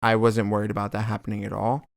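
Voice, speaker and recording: A young man co-hosting a podcast, talking in a supportive, halting way with many fillers. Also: lowish voice, completely flat delivery, gravelly, dry recording. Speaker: podcast co-host. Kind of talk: casual podcast chat.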